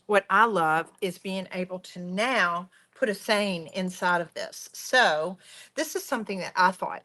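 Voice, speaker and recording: A woman's voice: mid-range voice, a bit bright. A woman hosting a craft tutorial, chatty and enthusiastic as she talks viewers through each step. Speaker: craft workshop host.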